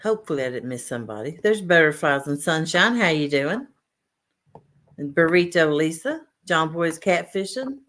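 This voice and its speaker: A woman's voice: low voice, sing-song, normal speed, a bit bright. A woman hosting a casual fishing livestream, reading out chat names and greeting viewers. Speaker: livestream host.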